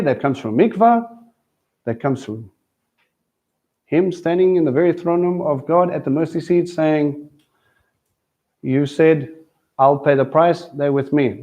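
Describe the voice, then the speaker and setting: Man preaching a live sermon, lo-fi sound. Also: on the high side. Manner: conversational preaching with questions to the crowd. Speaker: teacher at a Messianic congregation.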